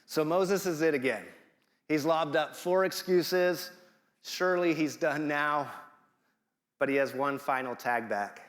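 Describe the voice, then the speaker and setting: A man's voice: on the high side, unhurried, big-room sound. A man preaching a sermon in a conversational, playful way, acting out the voices he quotes. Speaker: guest preacher. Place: church sanctuary.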